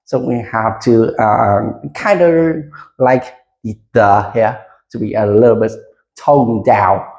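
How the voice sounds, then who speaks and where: An English teacher giving a classroom micro lesson, speaking slowly and deliberately with frequent hesitations and leading the class in repetition. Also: medium pitch, a little mellow, dull audio. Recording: roomy echo.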